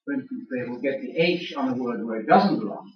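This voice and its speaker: An older man lectures a church audience in a sermon-like style, teasing them with questions in a mid-range voice that's fairly quick with lively intonation. The echoey recording of the large room is dull, with the mic set far away.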